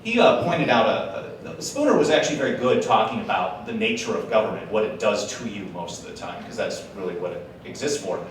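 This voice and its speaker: A man's voice: on the low side, a little hiss or hum. A man from Wisconsin giving a casual, joking speech to a live conference audience, chatty and full of slangy asides. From Wisconsin, USA. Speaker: conference speaker. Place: large conference hall. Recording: echoey hall, mic heard from a distance.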